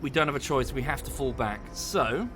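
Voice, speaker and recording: A man streaming a strategy game, talking through each move in a loose, chatty way and breaking off to thank viewers. His voice sits at an ordinary middle pitch. Clear game music plays underneath him. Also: animated, normal speed. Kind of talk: casual livestream commentary.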